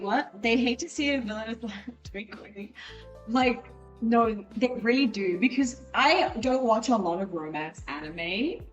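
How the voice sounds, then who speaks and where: Animated young woman chatting, music behind. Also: fairly high pitch, recorded from a distance, lo-fi sound. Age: young adult. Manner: animated, swearing, quick tangents. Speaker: student streamer. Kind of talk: casual chat while studying. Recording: voice a bit off mic, with music behind.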